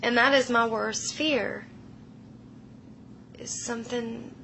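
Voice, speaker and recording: A woman in her thirties retelling a frightening personal experience in a slow, emotional, hushed way, often dropping her voice low. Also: fairly even intonation, gravelly, slight background noise, poor audio. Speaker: storyteller. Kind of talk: personal paranormal story.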